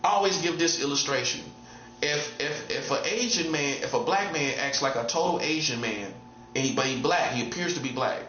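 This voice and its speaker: A man's voice: on the high side, moderate pace, bright, forceful tone, roomy sound, dull audio, a little hiss or hum. A man giving a casual preaching monologue as a self-styled prophet, repeating himself and hammering points home with rhetorical questions.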